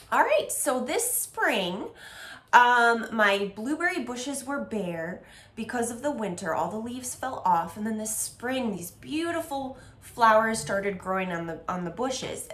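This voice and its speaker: A woman's voice: medium pitch, fairly bright tone, reverberant. A woman teaching a music lesson to young children, with an encouraging, sing-song delivery that breaks into rhythmic chants.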